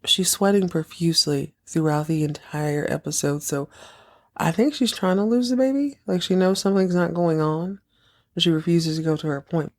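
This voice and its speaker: A woman's voice: fairly low pitch, moderate pace. A woman hosting a casual recap podcast who talks in a chatty, sarcastic way and acts out quotes, and who is sick at the moment. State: sick, taking cough medicine. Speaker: podcast host recapping a TV episode.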